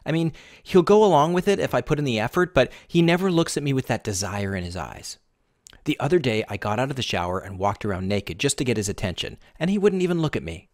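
A man's voice: mid-range voice, lively intonation, quick pace, no echo, studio quality, natural voice. A man voicing a sobbing, desperate married woman, pleading shakily through tears. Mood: despairing. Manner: tearful, shaky pleading.

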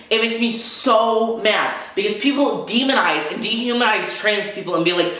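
A young man in a heated, swearing vlog rant, talking fast and full of anger. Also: high-pitched, bright, forceful tone. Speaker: vlogger. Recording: very echoey room.

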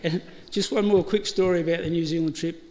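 A middle-aged Australian man speaking at a funeral service hall has a slightly high, darkish voice with fairly even intonation and a fairly quick pace. He tells funny stories in his eulogy, laughing and acting out the dialogue. The recording is reverberant, with faint ambient noise.

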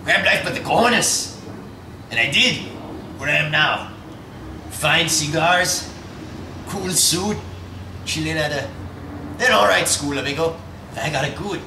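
A man's voice: fairly high pitch, lively intonation, a little slow, long pauses. A teenage boy in a student film playing a cocky Cuban schoolmate who mixes in Spanish words and boasts like a mentor. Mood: boastful. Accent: put-on Spanish-tinged. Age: teens. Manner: swaggering, sprinkles Spanish words. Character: cocky Cuban cigar-smoking male schoolmate, swaggering mentor. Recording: echoey room, distant mic, faint hiss.

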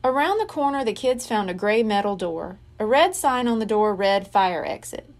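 A woman reading a children's mystery book aloud, slowly and expressively. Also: a little high, lively intonation. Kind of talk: read-aloud storybook narration.

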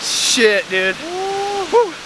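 A young man talks slowly and lazily outdoors beside a waterfall. He is laid-back and profane and laughs easily. Rushing water and outdoor noise come through clearly on the camera audio. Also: extremely high pitch, very animated. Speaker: friend on the trip. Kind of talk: casual chat.

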